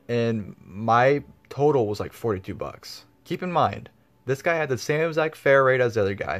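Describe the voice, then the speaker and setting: Rambling, swearing man vlogger. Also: mid-range voice. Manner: rambling, swears freely, many fillers. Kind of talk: casual storytelling.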